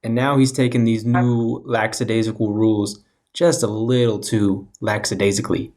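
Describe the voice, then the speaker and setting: A man's voice: on the low side, level tone, moderate pace, a little mellow. A man co-hosting a casual sports podcast, laughing often and cracking jokes. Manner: laughing, wisecracking. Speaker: podcast co-host.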